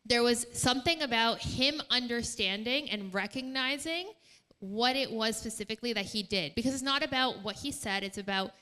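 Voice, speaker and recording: A woman co-leading a relaxed talk at a church night. Her voice is bright and clear-edged, and she explains things earnestly, step by step. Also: on the high side, normal speed. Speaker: co-presenter. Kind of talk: casual teaching talk on stage.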